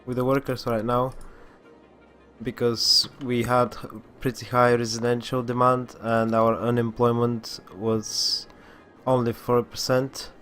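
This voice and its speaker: A man with a groggy morning voice giving casual commentary as he plays a city-building game, talking at an unhurried pace and often restarting his sentences. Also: medium pitch, flat delivery, a bit bright, faint music behind. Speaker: gaming channel host.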